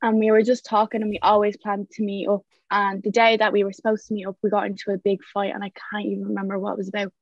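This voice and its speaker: Young woman, flat dull audio. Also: medium pitch, dry recording. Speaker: guest. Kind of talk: video call interview.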